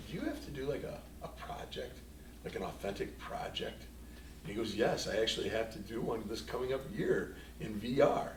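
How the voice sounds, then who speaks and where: A man with a medium-pitched voice, a school superintendent, gives a meandering, story-filled report to a board meeting and quotes himself and one of his former students. Slight background noise joins the faint ambience of the echoey meeting room, captured from a distant mic.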